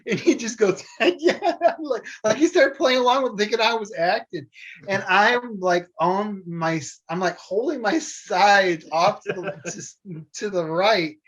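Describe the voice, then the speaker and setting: A man's voice: sits high, unhurried, fairly bright tone. A man casually telling stories about his old theme park show, laughing often as he talks. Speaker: former theme park train show performer. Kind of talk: casual storytelling chat. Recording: dull lo-fi sound.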